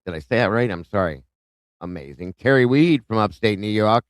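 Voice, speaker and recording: Host, male, lowish smooth voice, chatty and friendly, reading chat aloud on a dry close mic. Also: lively intonation, a little fast, dry recording. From Ohio. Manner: friendly, greets viewers by name. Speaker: livestream host. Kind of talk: casual live chat reading viewer comments. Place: home in Ohio.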